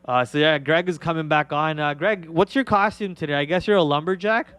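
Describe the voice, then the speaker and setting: A man's voice: on the high side, fairly quick, a bit bright, smooth, no room sound. A young man hosting a trading livestream, chatting casually and rambling with many fillers and restarts. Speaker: trading show host.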